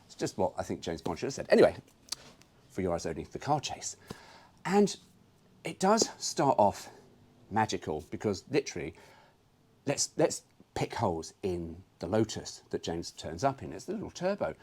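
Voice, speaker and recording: A man's voice: low-pitched, very animated, moderate pace, pauses often, darkish tone, breathy edge. A man hosting his own car video, chatting casually with cheeky, sweary jokes. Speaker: car vlogger.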